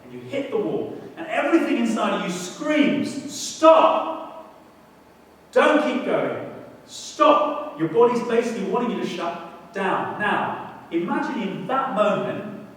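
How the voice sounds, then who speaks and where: A man preaching in a high voice. His delivery is animated and conversational, and he raises it to loud bursts for emphasis. The voice booms around a big reverberant hall, picked up from well back from the mic. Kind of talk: sermon. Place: church hall. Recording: echoey hall, mic at a distance.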